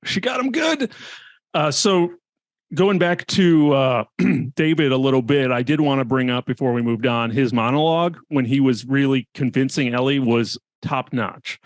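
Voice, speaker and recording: A man's voice: mid-range voice, moderate pace, no echo. A man co-hosting a casual podcast chat, talking in an enthusiastic, laid-back, joking way. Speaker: podcast co-host.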